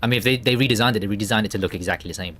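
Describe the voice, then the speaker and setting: A man's voice: fairly low pitch, rapid-fire, fairly bright tone, slight background noise. A man chatting casually and joking while streaming a co-op game. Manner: joking, chatty, laughs easily. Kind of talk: casual gameplay chat.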